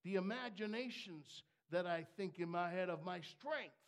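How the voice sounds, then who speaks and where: A man preaching a sermon, dropping to hushed asides and then rising to shouted, fervent declarations. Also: high voice, moderate pace, creaky, smooth.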